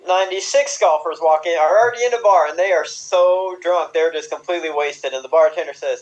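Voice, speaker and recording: A man playing an improv game, telling quick golf joke setups with small restarts before the punchline. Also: on the high side. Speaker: improv player. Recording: distant, dull-sounding mic.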